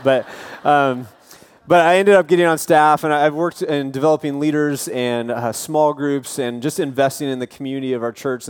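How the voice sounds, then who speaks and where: A man's voice: medium pitch, a little mellow, clean tone. A man in his thirties, a campus pastor, preaching an earnest, casual sermon full of personal stories and light self-deprecating humor. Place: church auditorium.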